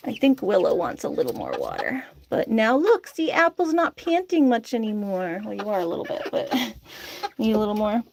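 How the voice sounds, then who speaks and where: A woman's voice: medium pitch, huge pitch swings, moderate pace, vocal fry, darkish tone, a little hiss or hum. A woman chatting casually and coaxing her chickens to drink by their coop outdoors, laughing often. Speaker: chicken keeper vlogger.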